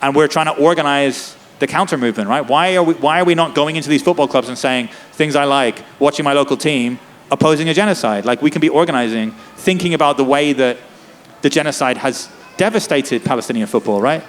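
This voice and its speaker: A man's voice: on the high side, a little hiss or hum. A man, a lawyer and activist, speaking with passion at a festival tent talk, filling his speech with "like" and "right?". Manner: impassioned, rapid, many "like" and "right?" tags. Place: festival tent before an audience.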